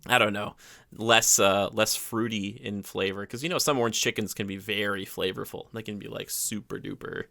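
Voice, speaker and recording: Man, podcast co-host, bright tense voice, dry close sound, rambling and enthusiastic. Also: lowish voice, steady tone, moderate pace, vocal fry, dry recording. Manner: enthusiastic, rambling, many fillers. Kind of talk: casual chat.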